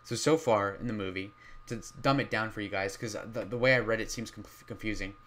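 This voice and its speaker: A man reviewing horror films in a loud, rambling way, full of fillers and restarts, his voice strained from talking loudly. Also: fairly low pitch, a little fast, a little hiss or hum. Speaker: movie reviewer. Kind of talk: casual spoken film review.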